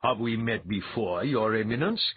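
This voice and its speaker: A shrewd priest envoy speaks in a low, husky voice, measured and dryly wry, as a man reads him. The sound is thin and phone-like, bone dry. It is a storybook figure who chooses his words carefully. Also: expressive. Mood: grave. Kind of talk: audiobook character voice.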